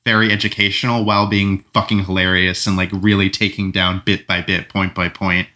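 A man with a low but bright, forceful voice, hosting a relaxed movie podcast. He talks with casual enthusiasm, laughs easily and drops the odd swear word. His tone stays conversational and loose. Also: fairly quick. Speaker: podcast host. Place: room recorded together in person.

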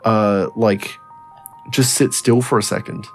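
A man's voice: lowish voice, fairly even intonation, measured pace. A man co-hosting a casual podcast, keenly explaining music production details and swearing as he goes. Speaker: podcast co-host. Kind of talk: casual chat.

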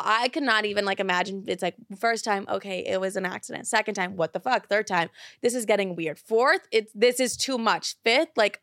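A woman's voice: a little high, fairly bright tone, no room sound, studio quality. A young woman hosting an advice show, giving blunt, profane, emphatic advice in a casual way. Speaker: advice podcast host.

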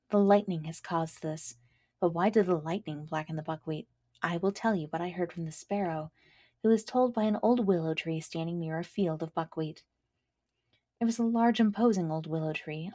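A woman reading fairy tales aloud as a storybook narrator, in a gentle, measured storytelling manner on a close mic. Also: on the low side, dry recording. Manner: gentle, measured storytelling with quick casual asides. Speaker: storybook reader and podcast host.

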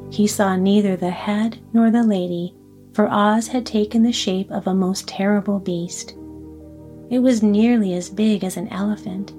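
A woman reads a classic storybook aloud in a calm, even way. Her voice is mellow and warm rather than bright. Faint music runs quietly underneath. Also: mid-range voice. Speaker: audiobook narrator. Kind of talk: storybook reading.

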